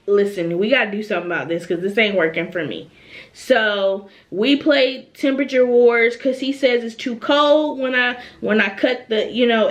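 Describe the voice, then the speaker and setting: A young woman vlogging at home, chatty and animated, often tagging her points with "okay?". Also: on the high side. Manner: chatty, animated, repeats phrases and tags "okay?". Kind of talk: casual chat to camera.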